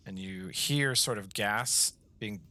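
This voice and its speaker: A man's voice: lowish voice, takes it slowly, pushed and bright. A man narrating a tabletop game as game master, describing scenes with occasional fillers.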